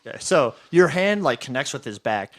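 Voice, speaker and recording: A man narrating a tabletop game as game master. His voice sits at an everyday middle pitch, and he talks loosely, with fillers and restarts as he describes the scene. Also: very animated, moderate pace, dry recording, clean studio sound.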